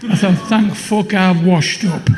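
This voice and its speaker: A man's voice: sits high, unhurried, very noisy. A man doing crude stand-up in an echoing hall. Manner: blunt, swearing, deadpan punchlines. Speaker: stand-up comedian. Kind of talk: crude stand-up comedy routine. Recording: live show in a long-reverb hall.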